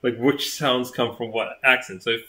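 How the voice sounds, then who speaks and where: A young man with a bright, forceful tone talks casually on a live stream. He sounds tired and rambles through many fillers and restarts. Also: mid-range voice, moderate pace. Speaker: co-host.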